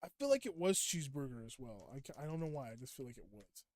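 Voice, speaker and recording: A man's voice: mid-range voice, sing-song, fast talker, darkish tone, dry recording. A young man streaming a game, chatting casually, laughing often and acting out quotes. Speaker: gaming streamer. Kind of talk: casual gameplay chat.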